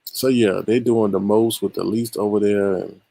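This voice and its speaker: A man's voice: lowish voice, fairly even intonation, normal speed, creaky, dark tone. A man hosting a live stream, giving casual and exasperated commentary on online drama straight to his viewers.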